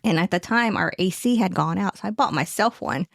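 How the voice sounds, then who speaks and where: A middle-aged woman co-hosting a podcast, telling stories in a lively, laughing way and tripping over her words. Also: mid-range voice, fairly quick, vocal fry, dry recording, studio quality. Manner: animated storyteller, laughs often, stumbles over words. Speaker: podcast co-host. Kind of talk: casual chat.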